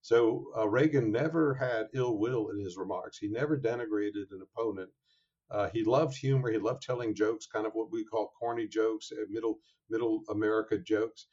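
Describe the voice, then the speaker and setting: A man being interviewed as an author, talking in a measured, thoughtful way with frequent fillers and restarts. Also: fairly low pitch, steady tone, a little mellow. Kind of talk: interview conversation. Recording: dull lo-fi sound.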